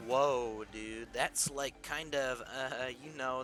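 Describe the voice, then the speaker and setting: A young man casting an esports match in a relaxed, rambling way, joking and filling gaps with "you know". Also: mid-range voice, unhurried, few pauses, over music. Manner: rambling, joking, many fillers. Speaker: esports caster. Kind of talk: casual play-by-play commentary.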